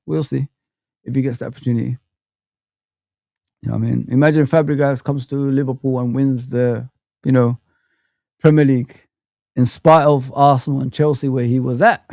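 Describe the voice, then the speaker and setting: Gravelly ranting man on a live stream. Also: mid-range voice, no echo, clean studio sound. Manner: animated, ranting, talks to chat viewers. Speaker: football fan channel host.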